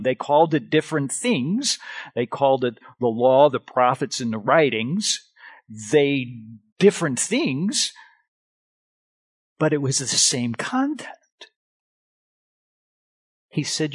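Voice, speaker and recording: Brief: male pastor, slow and emphatic sermon, dry close sound. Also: on the high side, very animated, slightly rough, no echo. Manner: emphatic, slow deliberate preaching with swings in loudness.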